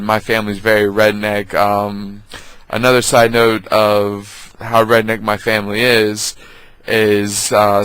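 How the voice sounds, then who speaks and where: A man telling family stories on his vlog, casual and halting with many ums. His voice is low and fairly flat. The sound is dry and close. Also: clean tone, no room sound, low-quality recording. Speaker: vlogger. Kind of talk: casual storytelling.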